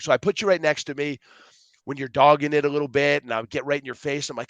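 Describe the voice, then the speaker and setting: A man as a podcast guest telling stories in a rambling, animated way, acting out dialogue and jumping between tangents. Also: fairly high pitch, fast talker, dry recording. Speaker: podcast guest, youth speaker. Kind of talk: casual storytelling interview.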